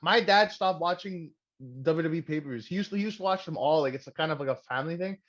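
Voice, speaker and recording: A young man hosting a podcast, talking in a loose, joking way and swearing freely. His voice sits a little high for a man. The sound is dull and lo-fi. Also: quick pace, fairly bright tone. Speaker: podcast host. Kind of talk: casual chat.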